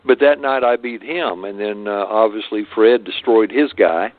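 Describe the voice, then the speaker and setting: A man's voice: lowish voice, moderate pace, no room sound. An older man recounting stories in an interview, talking in a rambling way with many hesitations and restarts. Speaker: martial arts guest. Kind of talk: storytelling interview. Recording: phone-like lo-fi line.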